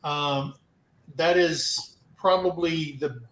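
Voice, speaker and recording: A man co-hosting a casual chat, with quick joking interjections. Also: on the high side, steady tone, fairly bright tone. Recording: echoey room.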